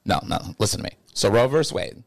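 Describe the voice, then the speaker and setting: A man's voice: lowish voice, sing-song, quick pace, creaky. A young man talking loosely and jokingly on a casual podcast, full of slang. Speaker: podcast co-host.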